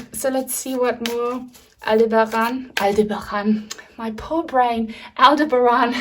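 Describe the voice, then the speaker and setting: A woman with a fairly high voice gives a pick-a-card tarot reading. She speaks in a soothing, reassuring way, easing the listener with spiritual guidance. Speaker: tarot reader.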